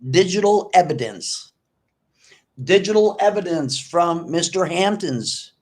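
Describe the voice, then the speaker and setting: A man hosting an online video, ranting at an absent rival in an accusing, mocking way and repeating himself often. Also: high-pitched. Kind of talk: confrontational livestream rant.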